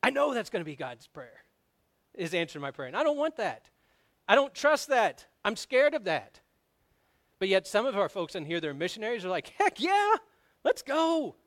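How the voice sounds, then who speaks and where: A man delivers a sermon from the pulpit, his voice sitting a touch higher than most men's. He tells personal stories with animated energy, pushing louder and higher when he drives a point home. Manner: storytelling, animated, grows loud on emphasis. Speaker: pastor.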